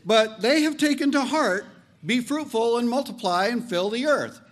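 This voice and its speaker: Lively, high-pitched male preacher. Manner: animated, joking asides, slow emphatic phrases. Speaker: pastor. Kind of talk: sermon.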